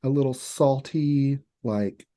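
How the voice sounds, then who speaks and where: A man's voice: medium pitch, slow, mellow. A young man from Kentucky co-hosting a podcast, rambling casually about cooking with lots of fillers. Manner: rambling, filler-heavy storytelling. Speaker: podcast co-host and chef. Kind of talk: casual chat.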